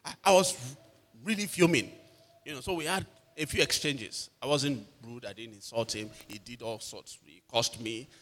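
A man's voice: medium pitch, moderate pace, slight background noise. Preacher man in an echoing hall. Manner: animated storyteller acting out quotes. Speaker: pastor. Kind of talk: sermon with personal stories. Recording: long hall reverb.

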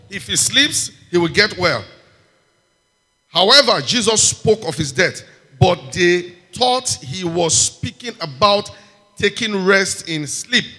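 A man preaching a sermon, reading scripture and calling out amens and hallelujahs with animated emphasis. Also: high-pitched. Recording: long hall reverb.

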